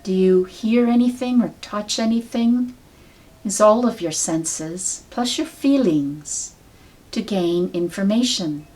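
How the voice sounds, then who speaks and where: A woman teaching a sound healing technique in a calm, measured, soft-spoken way, guiding the listener step by step. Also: mid-range voice. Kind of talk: slow guided teaching.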